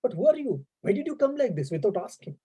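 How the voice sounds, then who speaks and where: A man's voice: high voice, big pitch swings, fast talker, dark tone, husky, pitched above the performer's own voice, heavily acted, poor audio. A man voicing an absent-minded old male scholar who speaks in a polite, formal, apologetic way. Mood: puzzled, stern.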